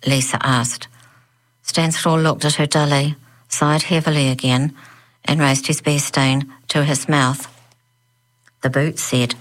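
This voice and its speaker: Woman reading an audiobook, low voice, even storytelling. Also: normal speed, low-quality recording. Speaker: narrator. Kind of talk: audiobook narration.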